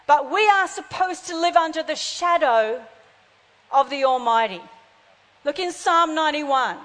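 Female pastor, high voice, fervent sermon, long hall reverb. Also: animated, measured pace, fairly bright tone. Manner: fervent, calls out to congregation.

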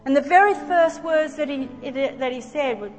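A woman with a higher voice delivers a sermon at normal speed in a church sanctuary, weaving in personal stories with earnest, emotional feeling. The hall's long reverb surrounds her, and faint music plays underneath.

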